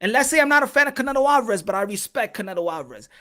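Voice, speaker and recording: A man's voice: extremely high pitch, lively intonation, very fast, few pauses, bright, forceful tone. A man hosting a boxing podcast, ranting in a heated, profane way and firing off repeated rhetorical questions. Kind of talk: solo opinion rant.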